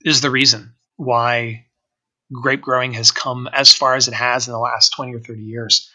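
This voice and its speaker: Guy with a bright sharp voice, rambly interview chat, lots of uh and um. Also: medium pitch, flat delivery, moderate pace, low-quality recording. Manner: hesitant, lots of fillers and restarts. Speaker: organic winery owner, guest. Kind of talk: casual interview talk.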